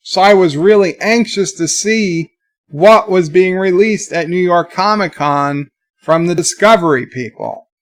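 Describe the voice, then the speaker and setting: A man hosting a casual livestream, rambling through a story with animated outbursts and reading viewer chat aloud. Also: high voice, measured pace. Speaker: live stream host.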